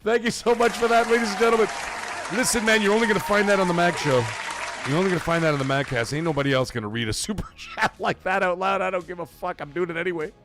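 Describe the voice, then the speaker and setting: A man's voice: sits high, fast, fairly bright tone, some chatter behind. A man hosting a livestream in casual chat, swearing freely and laughing as he reads chat messages aloud. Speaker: livestream host.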